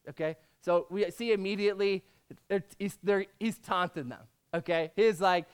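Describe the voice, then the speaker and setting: A man's voice: sits high, moderate pace, clear, resonant tone. A man preaching in a casual, jokey way, reading scripture aloud between conversational asides.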